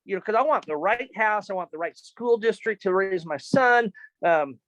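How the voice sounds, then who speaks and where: A man telling a personal story in an animated, excitable way, often repeating words and calling people "man". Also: high-pitched, moderate pace, no echo. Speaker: storyteller giving a personal testimony.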